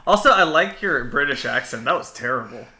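A man's voice: mid-range voice, animated, a little fast, a crowd in the background. A man hosting a casual talk show, teasing his co-hosts and laughing often. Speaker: host. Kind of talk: casual podcast banter.

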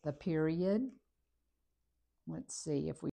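A woman's voice: low voice, slow pace, gravelly. A woman teaching a recorded math lesson, talking methodically through each step while she works on a graph. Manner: steady, methodical, talks through steps while writing.

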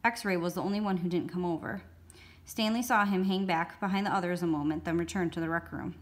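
A woman storyteller reading a novel aloud in a steady, expressive way. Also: lowish voice, fairly quick. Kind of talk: read-aloud book narration.

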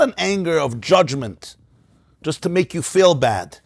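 A rabbi gives a Torah class with passionate, animated delivery, his voice gravelly and a bit husky. The man swings widely in pitch and sits on the high side for a man. The sound is close and dry. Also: moderate pace, no room sound. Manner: passionate, animated, often laughs mid-sentence. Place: study hall in front of a class.

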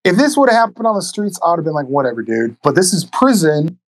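A man's voice: high-pitched, lively intonation, quick pace, no echo, poor audio. A man telling stories as a podcast guest in a casual, rambling way, swearing freely, into a cheap microphone. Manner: profane, rambling, laid-back delivery. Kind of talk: casual storytelling. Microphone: cheap USB microphone.

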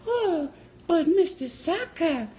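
A man in falsetto as a coy, pleading young woman. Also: sing-song, takes it slowly, dark tone, full character voice.

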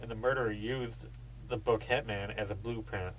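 A man's voice: lowish voice, fairly even intonation, moderate pace, a little hiss or hum, low-quality recording. Rambling, laughing male podcast co-host. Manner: rambling, swears casually, laughs while telling stories. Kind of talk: casual chat.

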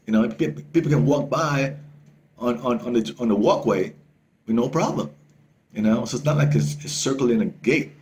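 A male travel vlogger telling a story to camera in a casual, excitable way, swearing freely and repeating himself. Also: medium pitch, slight background noise.

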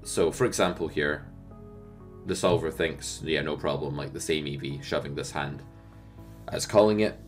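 A male poker coach with an extremely deep voice, talking through a hand in a lesson. He explains with lively energy and keeps putting rhetorical questions to the viewer, with faint music underneath. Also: normal speed.

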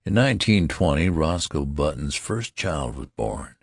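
Deep gravelly guy reading an audiobook, expressive, lively delivery. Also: measured pace, no echo, studio quality. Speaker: audiobook narrator. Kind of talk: scripted audiobook narration.

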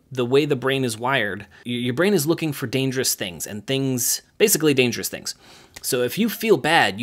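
A man who coaches gymnastics, talking loosely about handling kids, with many fillers and quick acted-out lines. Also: medium pitch, a bit bright. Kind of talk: casual coaching talk to camera.

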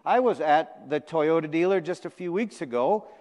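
Male pastor preaching, kinda high voice, chatty sermon style, big echoey church. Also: expressive, moderate pace, a little mellow. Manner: conversational preaching, repeats phrases for emphasis. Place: church sanctuary. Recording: long church reverb.

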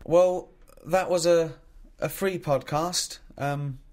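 A man's voice: fairly high pitch, fairly even intonation, slow, darkish tone. A man hosting a podcast, teasing his guest with prodding questions and laughing often. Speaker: podcast host. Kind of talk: casual podcast chat.

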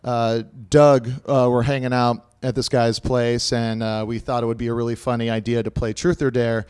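A man telling a long comic story on stage, rambling and swearing, full of fillers, and breaking into loud, high quoted voices. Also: flat delivery, moderate pace, smooth. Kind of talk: live stand-up storytelling. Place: live stage before an audience.

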